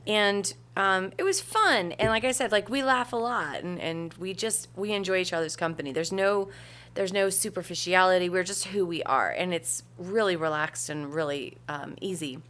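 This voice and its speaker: A woman's voice: on the low side, expressive, moderate pace, fairly bright tone. A woman about to turn fifty, co-hosting a podcast, telling a story in easy casual chat and laughing readily. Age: 40s. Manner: storytelling, laughs easily, trailing off. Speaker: podcast co-host.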